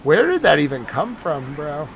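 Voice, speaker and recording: A man's voice: on the high side, very animated, moderate pace, vocal fry, slight background noise, rough recording. Tired man chatting on a live stream. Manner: chatty, rambling, talks to his chat. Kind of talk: casual live-stream commentary.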